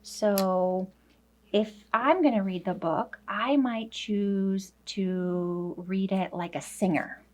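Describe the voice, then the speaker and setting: A woman's voice: medium pitch, a little mellow. Patient woman teacher coaching a young reader. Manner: patient, encouraging, speaks slowly and simply to a young child. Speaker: elementary school teacher. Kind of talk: one-on-one reading lesson with a child.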